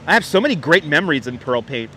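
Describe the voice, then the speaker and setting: A man with a New York accent talks casually on a street live stream, reading viewer comments and repeating his phrases. His voice sits high and sounds bright and forward. Faint city noise hums behind him. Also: big pitch swings, fast. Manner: chatty, reminiscing, laughs often, repeats phrases. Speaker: livestream host. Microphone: wireless clip-on mic.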